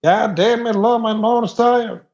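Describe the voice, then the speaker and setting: A man's voice: high voice, steady tone, slow, vocal fry, a little mellow, voice pushed up, heavily acted. A rowdy Texan good ol' boy, drawling and exclaiming in a raised voice, as a Spanish-accented man puts him on. The sound is echoey and a little dull. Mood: boisterous.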